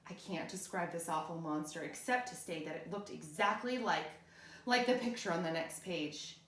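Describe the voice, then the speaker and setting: A woman's voice: fairly low pitch, moderate pace, a bit bright. A woman teacher reading a picture book aloud to children in a playful way, checking in with her listeners. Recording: roomy echo.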